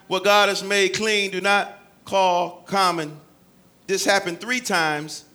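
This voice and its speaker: A man preaching a sermon, acting out scripture quotes in voices and swinging between loud and soft delivery. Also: high voice. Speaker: pastor.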